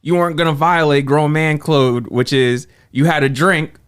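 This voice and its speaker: A man co-hosting a movie podcast who is high, bantering in slangy, joking casual chat. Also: fairly even intonation, normal speed, smooth. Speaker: podcast co-host. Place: recording studio.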